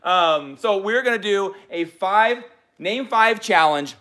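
A man's voice: sits high, expressive, slow pace, bright, forceful tone. A man in his thirties with a Utah accent, hosting a family livestream in a chatty, upbeat way and reading out viewer comments. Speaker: family channel host. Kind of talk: casual family livestream chat.

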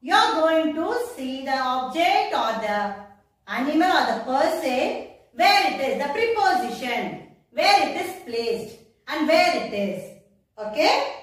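A woman's voice: high-pitched, big pitch swings. A woman teaching a first-grade English class, speaking with an Indian English accent and spelling words out letter by letter. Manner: slow, sing-song teacher talk, spelling words out letter by letter. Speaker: primary school English teacher. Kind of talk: recorded online class. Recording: echoey room, voice from a distance.

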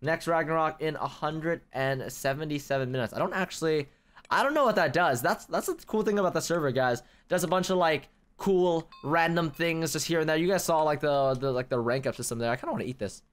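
Young male gaming host, smooth voice, slightly high, casual play-by-play that tips into frustration. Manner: excitable, quick to rage, addresses viewers as guys. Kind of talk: casual gameplay commentary. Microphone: desk microphone.

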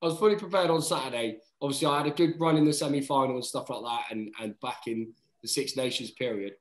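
A rugby player in his thirties, appearing as a podcast guest, talks fast and tells animated stories in casual chat, swearing freely and calling everyone "mate." His pitch is ordinary, and the room has a noticeably roomy echo.

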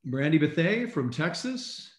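A man co-hosting a live online recognition event, reading out names in an upbeat way and often clearing his throat, speaking over a video call. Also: a little high, sing-song, a little slow. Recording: echoey room on a video call.

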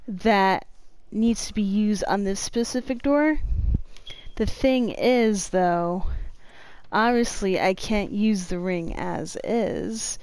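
A woman narrating a horror game as she plays, swearing a lot and moving from flat muttering to panicked yelps. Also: mid-range voice, clean tone, no room sound. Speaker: gamer. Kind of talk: let's play commentary.

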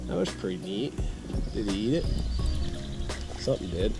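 A man's voice: deep voice, lively intonation, moderate pace, music in the background. Chatty man fishing by a pond. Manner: chatty, self-amused, easygoing. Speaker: fishing channel host. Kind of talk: casual outdoor vlog. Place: outdoors at a pond and at home with a bait tank.

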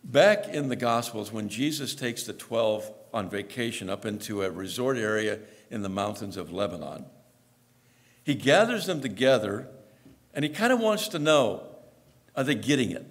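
A man's voice: medium pitch, sing-song, normal speed, big-room sound. A male pastor preaching a sermon in a conversational storytelling manner, acting out the lines he quotes. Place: church.

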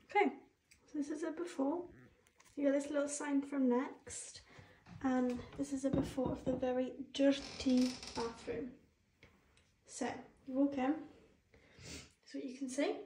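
Talking to her phone camera in an echoey, small tiled bathroom at home, a young British woman vlogs in a gushing, easily moved twenties style. Her voice is high and light yet dark in tone, steady and at a measured pace. Sound is handheld and close, with slight background noise.

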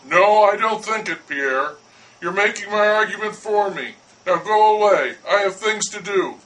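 A man's voice: high-pitched, a little slow, fairly bright tone, far from the mic, low-quality recording. A man voicing a condescending poet who coolly talks down to a baker. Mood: patronizing. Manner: smooth, patronizing, persuasive. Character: languid condescending male poet.

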